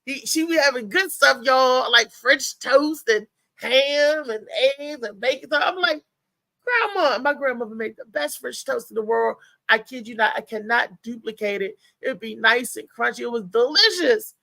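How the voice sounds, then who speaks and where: A woman from Maryland hosting a live show, telling a story in a chatty, animated way and talking straight to her listeners. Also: on the high side, moderate pace, creaky, dry recording. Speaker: show host.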